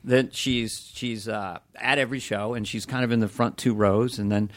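Older man, comedian, casual podcast talk, animated, dry close sound. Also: medium pitch, normal speed, dry recording. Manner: animated, jumps into voices and laughs often. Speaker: comedian guest.

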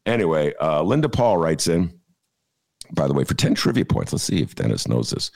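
A man's voice: very deep voice, very animated, moderate pace, gravelly, darkish tone. A man hosting a podcast, chatting in a rambling, jokey way with many filler "uh"s and laughing at his own jokes. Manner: jokey, digressive, full of filler "uh"s. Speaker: podcast host. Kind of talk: rambling comic chat.

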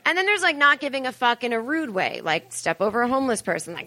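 A woman's voice: fairly high pitch, sing-song, racing, sharp tone, dry recording. Profane chatty woman in her forties. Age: 40s. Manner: chatty, profane, self-mocking, full of asides. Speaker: comedian and podcast host. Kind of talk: live stand-up style monologue. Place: live show venue with audience.

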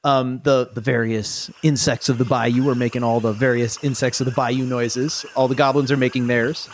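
A man's voice: mid-range voice, flat delivery, normal speed, slight background noise. A man narrating a tabletop game as game master, rambling and amused. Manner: rambling, amused, with many restarts.

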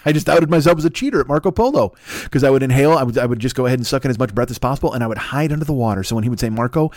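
A man's voice: mid-range voice, darkish tone, no room sound, clean studio sound. An older man hosting a solo podcast, rambling through crude, self-mocking riffs into a desk mic plugged into a laptop. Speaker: podcast host. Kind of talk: profane solo podcast monologue.

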